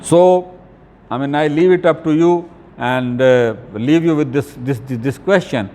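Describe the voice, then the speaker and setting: A man giving an academic video lecture, talking deliberately with frequent fillers and restarts. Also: a little high, darkish tone, big-room sound.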